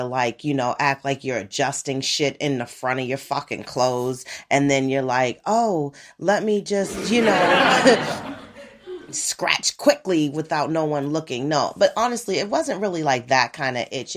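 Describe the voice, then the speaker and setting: A woman in her forties hosting a podcast alone, rambling in a profane, animated casual monologue. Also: a bass voice. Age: 40s. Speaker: podcast host.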